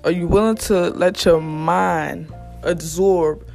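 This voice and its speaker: A podcast host giving blunt, profane motivational straight talk, recorded alone at a quiet workplace late at night. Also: medium pitch, fairly even intonation, takes it slowly, gravelly, faint music behind. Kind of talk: motivational casual monologue. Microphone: single mic.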